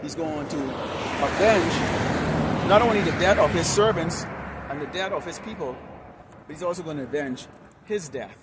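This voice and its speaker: A man preaching an open-air sermon outdoors by a busy street, in a loud, confrontational and profane manner. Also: on the high side, moderate pace, pauses often, very noisy.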